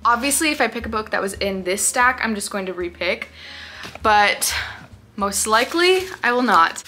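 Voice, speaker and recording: Woman book vlogger, bright crisp tone, gushing and gasping over each pick. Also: on the high side, expressive, moderate pace, slight background noise. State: out of breath. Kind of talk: casual reading vlog.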